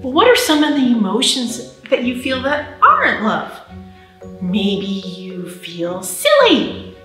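A woman with a high, bright voice that rises and falls widely reads a picture book to babies and their grown-ups. She speaks slowly and in a sing-song way, like a children's librarian at storytime. The room around her has a noticeable echo. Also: huge pitch swings, soft background music. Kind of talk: baby storytime reading and singing.

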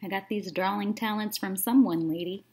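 A woman teacher reading a children's book aloud, then talking through a lesson in a friendly, relaxed way with plenty of fillers. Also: mid-range voice, moderate pace.

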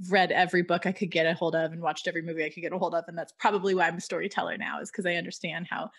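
Effusive female podcast host, slightly low voice, casual interview chat. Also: fairly even intonation, racing, a bit bright, breathy edge. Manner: effusive, talks with many "like" fillers.

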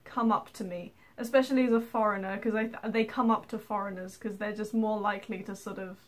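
A woman's voice: mid-range voice, steady tone, brisk. A woman from England, telling stories in a casual vlog, rambling with many fillers and frequent laughter. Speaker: vlogger. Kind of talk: casual storytelling to camera.

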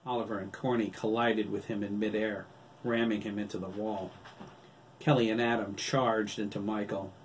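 A man reading his own novel aloud in steady audiobook narration, a little off-mic with faint hiss. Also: on the low side, normal speed, far from the mic, poor audio.

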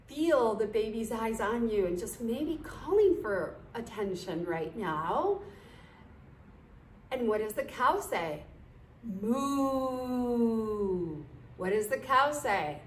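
Woman yoga teacher with a high voice, unhurried cueing, playful baby-talk asides; echoey studio, mic set back. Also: lively intonation, recorded from a distance, slight background noise. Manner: sing-song baby talk and animal sounds between cues. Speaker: yoga instructor. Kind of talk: guided baby yoga class.

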